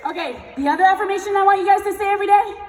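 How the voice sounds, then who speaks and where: A young woman giving a blunt, energetic motivational talk on stage and leading the crowd in chanted affirmations, heard in a large event hall. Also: extremely high pitch, very fast, noisy background. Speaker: sales team leader and motivational speaker. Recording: echoey hall recorded from far off.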